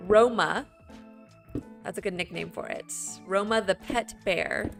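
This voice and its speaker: Female streamer, playful and giggly, medium voice, low music in the background. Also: measured pace, vocal fry. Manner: giggly, laughs often; rambling and playful, with fillers. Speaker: game streamer. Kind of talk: casual chat with stream viewers while building.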